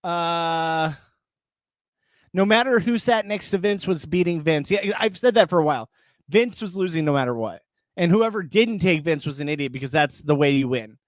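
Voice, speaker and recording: A man's voice: a little high, animated, normal speed, no echo. A man casually chatting on a live reaction stream, greeting viewers, laughing often, close to the mic. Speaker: reality show reaction host.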